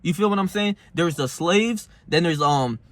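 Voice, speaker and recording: A man's voice: a little high, animated, moderate pace, fairly bright tone, dry recording. A young man talking straight to his viewers in a brash, slangy, profane way, getting heated as he goes. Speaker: self-help vlogger. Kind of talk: casual monologue to camera.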